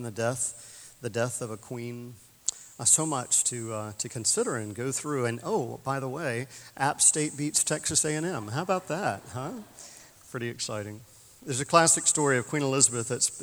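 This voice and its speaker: A male pastor delivers a sermon in an easygoing, conversational way, dropping in chuckling asides. His voice sits in a medium range. The sanctuary adds a long, lingering reverb. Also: medium pitch. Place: church sanctuary.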